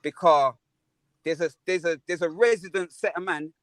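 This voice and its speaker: A man's voice: on the high side, moderate pace, dry recording. A middle-aged man with a London accent on a panel, reflective and telling his own stories. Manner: reflective, storytelling, says innit. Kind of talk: casual panel chat.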